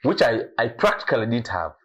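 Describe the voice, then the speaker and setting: A man's voice: mid-range voice, very animated, a little fast, husky. A young man from Eastern Uganda, a guest actor telling stories in a casual podcast chat and acting out what others said. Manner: storytelling, acts out quotes, restarts often.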